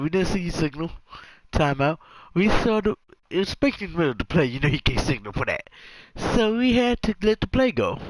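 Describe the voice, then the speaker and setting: A man giving casual, jokey commentary over a football video game, acting out the players in quick asides. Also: a little high, dry recording, low-quality recording. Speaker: gaming commentator.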